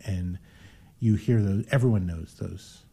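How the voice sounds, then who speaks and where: A man in his sixties hosting and reminiscing in a halting, casual way with many fillers. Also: deep voice, creaky, mellow, slightly rough. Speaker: host. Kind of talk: casual chat.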